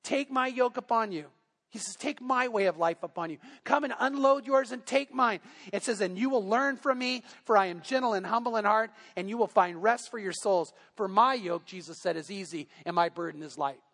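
A man's voice: sits high, moderate pace, fairly bright tone, big-room sound. A man preaching a sermon as pastor, talking to the congregation in a conversational way full of rhetorical questions. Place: church sanctuary.

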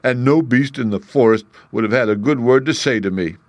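A man voicing a big shaggy male lion in a storybook, speaking slowly and drawn out, a little timid. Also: mid-range voice, dry recording, lightly acted. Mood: rueful.

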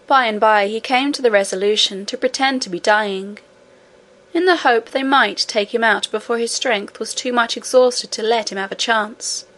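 A woman narrating a classic children's storybook in a steady, measured reading voice. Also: on the high side. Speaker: audiobook narrator.

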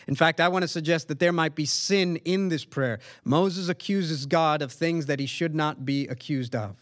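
Guy preaching, earnest and emphatic, pauses for effect, kinda high voice, dry close sound. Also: a bit bright, dry recording. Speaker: pastor. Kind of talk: sermon.

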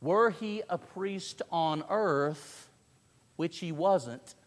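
A man preaching an expository sermon, emphatic, asking rhetorical questions and swinging between loud and quiet. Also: fairly high pitch, drawn-out words. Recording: long reverb of a large hall.

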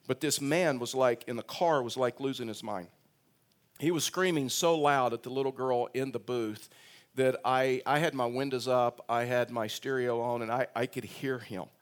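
A man's voice: medium pitch, steady tone, normal speed. A man preaching a sermon in a conversational way, telling a personal story, often repeating words and restarting, and rising in voice for emphasis. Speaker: pastor.

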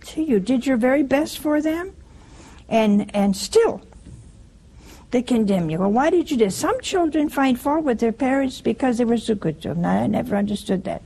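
A woman's voice: high voice, lively intonation, moderate pace, warm tone, slightly rough, low-quality recording. A woman giving a conversational sermon in a homely way, often asking her listeners rhetorical questions. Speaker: preacher.

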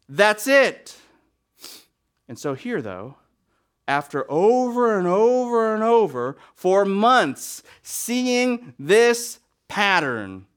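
A male preacher with a high, lively voice that leaps up and down in pitch. He delivers a sermon with big dramatic swings, punching some phrases loudly and dropping others to a hush. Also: clear, resonant tone. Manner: animated, dramatic swings between loud emphasis and near-whispers.

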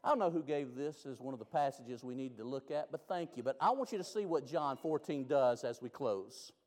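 A man preaching a sermon, moving between loud, rising climaxes and hushed, slow lines. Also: mid-range voice, lively intonation. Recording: long reverb of a large hall.

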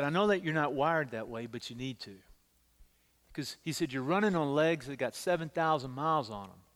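A middle-aged pastor preaches with animated personal stories, repeating words whenever he stresses them. His voice is a little high, and the sound carries the feel of a big room.

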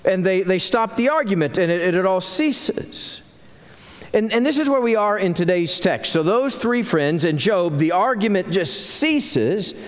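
A man preaching a sermon as senior pastor, telling the story in an animated way with frequent restarts. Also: high-pitched, measured pace, big-room sound.

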